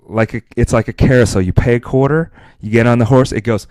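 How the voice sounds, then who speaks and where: A podcast co-host talks fast in a medium-pitched, somewhat dark voice with no room sound. He's in a casual movie chat, loose and rambling, with lots of fillers and restarts.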